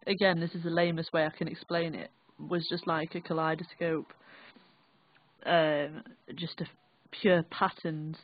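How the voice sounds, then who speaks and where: A young woman with a Northern English accent, recalling an experience in a halting, rambling, sweary way. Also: low-pitched, little pitch movement. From England. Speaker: vlogger. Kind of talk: casual first-person recollection. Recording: dry, tinny phone-like audio.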